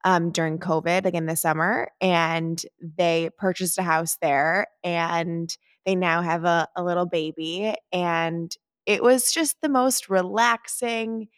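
A woman's voice: lowish voice, fairly even intonation, takes it slowly, hardly any pauses, no room sound, studio quality. A woman in her thirties co-hosting a podcast, chatting upbeat about her weekend. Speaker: podcast co-host. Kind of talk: casual chat.

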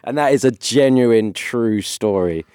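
A man's voice: mid-range voice, unhurried, a little mellow, clean tone, no room sound. A man telling a casual story in a laid-back, mumbly way. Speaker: beatboxer interviewee.

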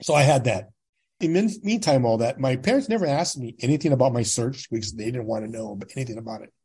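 Fast-talking and slightly rough at medium pitch, a sixties-aged Californian guest on a podcast tells his own story plainly and casually. He brings it to life by acting out what people said.

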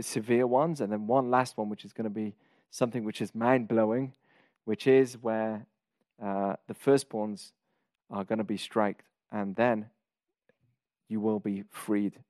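A man's voice: fairly low pitch, fairly even intonation, slow, long pauses, darkish tone, no room sound, clean studio sound. A man hosting a podcast, giving a casual spoken Torah lesson, explaining Hebrew terms and asking rhetorical questions along the way. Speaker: podcast host teaching weekly Torah portion.

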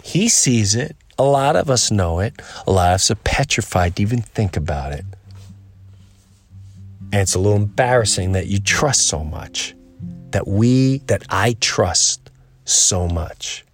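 A podcast host delivers a casual, earnest, rambling monologue, acting out the voices of the people he quotes. His voice sits lowish and is expressive, at a moderate pace, with soft music in the background.

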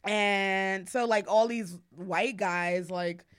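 A young woman with a New York accent chats as a podcast guest. She tells her stories candidly and swears freely, in an everyday mid-pitched voice. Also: fairly even intonation, slow pace, clear, resonant tone. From the Bronx, New York. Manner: candid, profane, storytelling with many "like"s. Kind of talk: casual chat.

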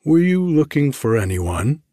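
A man voicing a spirited seventeen-year-old girl in an audiobook, speaking gravely and a little stately. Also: fairly high pitch, very animated, unhurried, mellow, no echo, clean studio sound, voice pushed up. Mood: curious.

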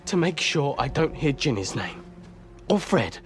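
A man's voice: mid-range voice, sing-song, unhurried, soft background music. An actor playing a jealous, resentful young man in a film, talking sullen and sarcastic. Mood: sullen, bitter. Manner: sullen and sarcastic, bursting into shouts. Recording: film audio with background noise.

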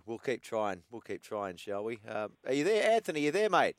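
A man's voice: medium pitch, very animated, a little fast, few pauses, no room sound. A man with an Australian accent hosting a talkback radio show, chatty and laid-back, putting questions to callers and his co-host.

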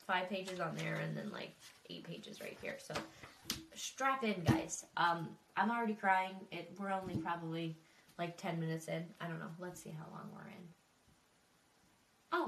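A woman's voice: medium pitch, fairly bright tone, far from the mic, slight background noise. Female true crime podcaster, loose and emotional, swears freely, echoey room sound. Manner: chatty, swearing, emotional and tearful. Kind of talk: casual podcast narration. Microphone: desk microphone.

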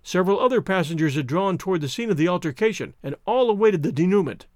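A man narrates a classic adventure story with theatrical flair, shifting his voice for each character. His voice sits high and moves over a wide, lively range. The recording is close and dry, with no room sound. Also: fast talker, dry recording. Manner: dramatic, varies voice for each character. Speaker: audiobook narrator. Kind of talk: audiobook reading with character voices.

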